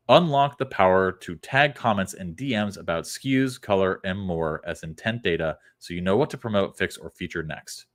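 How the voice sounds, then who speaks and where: Blunt man reviewing copy, deep low voice, sarcastic asides. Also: animated, normal speed. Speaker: copywriting critic. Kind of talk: casual critique of web copy.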